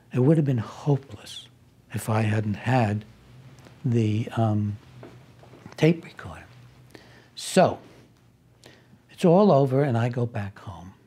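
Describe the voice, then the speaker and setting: A man recounts a personal story with a deeply husky, raspy voice and a mellow, dark tone. He talks casually, adding wry asides and restarting sentences as he goes. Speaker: speaker recounting a personal conflict. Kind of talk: conversational storytelling.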